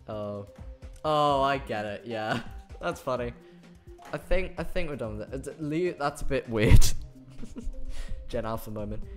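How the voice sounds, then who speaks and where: A man's voice: medium pitch, animated, slow, pauses often, soft background music. A British man streaming a game live, chatting casually, laughing often and reading chat messages aloud.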